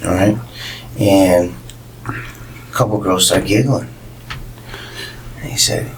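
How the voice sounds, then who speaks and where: A man's voice: low-pitched, takes it slowly, long pauses, slight background noise, poor audio. A man guest on a podcast, telling a funny story and acting out the voices, laughing through his punchlines. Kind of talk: animated comic storytelling.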